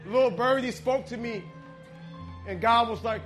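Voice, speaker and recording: Man, preacher, sermon, very high voice, conversational storytelling, loud then hushed, faint music behind. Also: a little slow. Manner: conversational storytelling, swinging between loud emphasis and hushed intensity.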